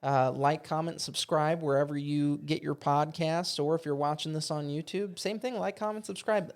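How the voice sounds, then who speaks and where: Brief: male podcast co-host, fairly high voice, eager and loose, curses casually. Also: fairly even intonation, normal speed. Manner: enthusiastic, swears freely. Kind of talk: casual chat.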